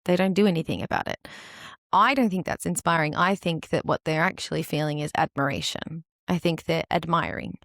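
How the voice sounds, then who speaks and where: A woman in her thirties hosting a solo podcast, talking candidly and with feeling, her voice brightening whenever she quotes other people. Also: deep voice, fairly quick, dry recording, studio quality. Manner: earnest, candid, animated when quoting others. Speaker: podcast host and dance teacher.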